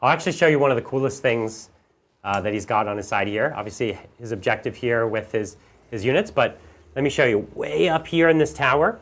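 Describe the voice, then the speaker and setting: Playing and commentating at once, a man explains the tabletop and how the game works to viewers of his relaxed live stream, guiding them through the rules with animation. His mid-range voice moves fairly quickly.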